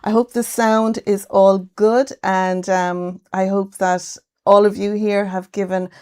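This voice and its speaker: An Irish woman chats on a craft livestream in a relaxed, friendly way. She greets viewers by name. Her voice sits at a middling pitch for a woman. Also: a little slow, clean tone. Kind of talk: casual live-stream chat. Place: home craft room.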